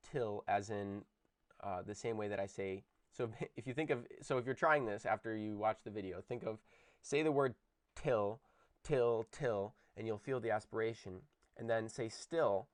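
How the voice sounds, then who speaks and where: A man's voice: fairly low pitch, dry recording, clean studio sound. A man giving a recorded video lecture on linguistics, explaining step by step and saying example words aloud. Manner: explanatory, demonstrates sounds aloud. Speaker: linguistics teacher.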